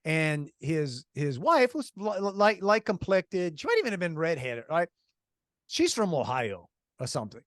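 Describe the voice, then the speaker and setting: A man's voice: fairly high pitch, sing-song, moderate pace, a bit bright, dry recording, studio quality. A middle-aged man co-hosting a podcast, telling rambling stories in casual chat with restarts and laughs. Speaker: podcast co-host.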